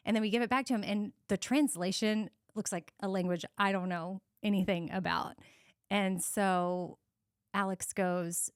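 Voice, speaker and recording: Texas gal cohosting a podcast, chatty storyteller, laughs a lot, mid voice, dry mic. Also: female voice, medium pitch, moderate pace, dry recording. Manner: animated storyteller, laughs often. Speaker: podcast co-host. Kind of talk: casual chat.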